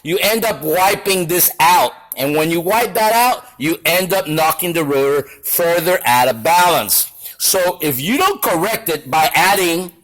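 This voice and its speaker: A man's voice: a little high, a bit bright, poor audio. A man working as a shop machinist gives an angry, blunt and profane demonstration to camera in his machine shop.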